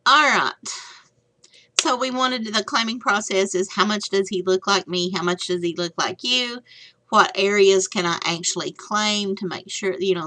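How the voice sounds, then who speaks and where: A woman's voice: medium pitch, sharp tone. Chatty older woman lecturing. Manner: chatty, folksy asides. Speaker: nursing instructor. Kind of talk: recorded slide lecture.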